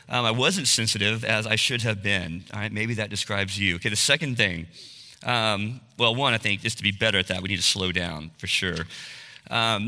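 A man's voice: lowish voice, bright, forceful tone, big-room sound. A man in his forties giving an earnest, confessional sermon-style talk, often checking in with his listeners. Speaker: speaker at a men's talk.

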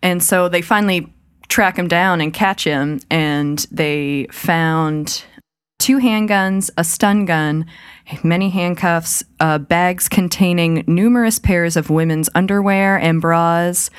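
A woman co-hosting a horror podcast, relaying a crime news story in a relaxed, chatty way with lots of filler words. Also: lowish voice, slow, clean tone, no room sound, clean studio sound. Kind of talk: casual podcast chat.

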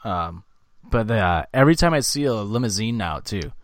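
A man's voice: fairly low pitch, lively intonation, moderate pace, no echo, studio quality. A man co-hosting a casual podcast, cursing freely and quoting movie lines. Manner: swears a lot, quotes movie lines. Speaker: podcast co-host. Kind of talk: casual chat.

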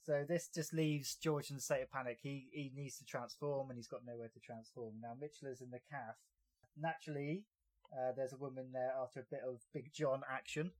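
A man's voice: mid-range voice, fairly even intonation, a little fast, darkish tone, no echo. A man hosting a casual fan podcast, recapping scenes with dry jokes. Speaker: podcast host.

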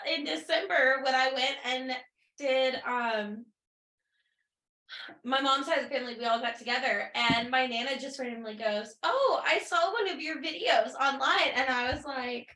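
Bright high-voiced woman, echoey room. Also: normal speed. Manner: rambling storyteller, many fillers. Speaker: podcast co-host. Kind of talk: casual chat.

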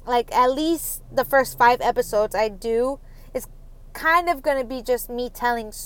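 A woman's voice: fairly high pitch, normal speed, clear, resonant tone. A young woman hosting a solo podcast, rambling through personal stories with many ums and nervous little laughs. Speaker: podcast host. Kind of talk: casual solo podcast confession.

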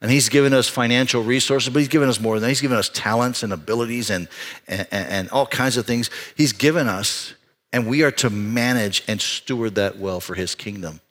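A man preaching a sermon as pastor, telling a personal story in an animated way with frequent restarts. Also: mid-range voice, a little fast.

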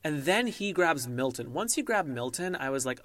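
A man co-hosting a podcast in casual gossip chat, measured and analytical, often mimicking people he quotes. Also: on the high side, sing-song, fairly bright tone, no room sound. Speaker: podcast co-host.

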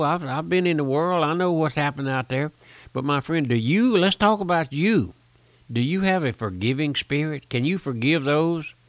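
A man's voice: on the high side, no room sound. An older man preaching a folksy radio sermon, pleading with the listener and rising to emphatic peaks.

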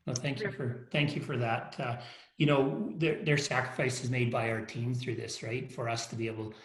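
A man's voice: mid-range voice, fairly even intonation, moderate pace. A man speaking as a guest on a podcast, telling stories frankly and often repeating and restarting his words. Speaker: company leader, podcast guest. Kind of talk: casual storytelling interview. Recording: roomy echo.

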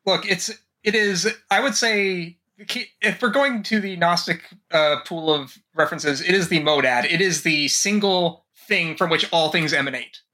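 A podcast host chatting casually about a game, animated and joking. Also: medium pitch, moderate pace, hardly any pauses. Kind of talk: casual chat.

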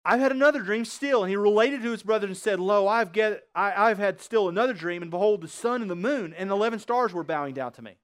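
High-voiced male preacher, rhetorical questions. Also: quick pace, few pauses, clean tone. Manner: asks the congregation rhetorical questions. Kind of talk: sermon.

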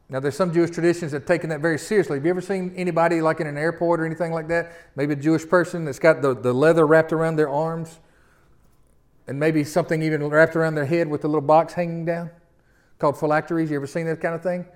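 A man preaching a sermon, teaching in a folksy way and reading scripture slowly with emphasis. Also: fairly high pitch, steady tone. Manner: folksy teaching, often asks "see what I'm talking about?". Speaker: pastor.

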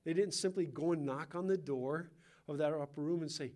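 With a Californian accent and a somewhat high voice, a pastor works through Scripture in a casual, talk-style sermon, pausing for asides and questioning his listeners. He talks a little fast.

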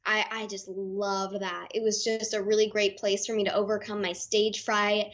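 A young woman guest telling stories in an interview, bubbly and expressive. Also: mid-range voice, normal speed, dull audio. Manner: bubbly and expressive, gushing exclamations. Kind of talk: casual interview storytelling.

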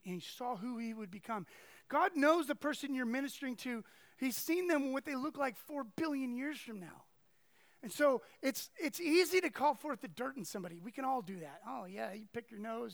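A man's voice: very high voice, fairly bright tone, no echo. A man preaching a sermon to a congregation, speaking conversationally and animatedly, with asides and acted-out quotes. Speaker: pastor.

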